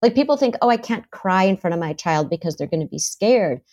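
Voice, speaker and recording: A woman's voice: mid-range voice, fairly quick. A middle-aged woman, a therapist, talking in a podcast interview and acting out what parents and children say. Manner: animated, acts out parents' and children's voices. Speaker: therapist and author, guest.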